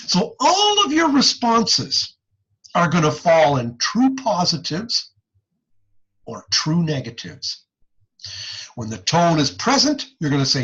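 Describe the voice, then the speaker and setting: Man, online lecturer, folksy, lively pitch, husky, somewhat high voice, muffled recording. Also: a little slow. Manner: animated, folksy teaching with frequent "okay?" checks. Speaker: audiology lecturer.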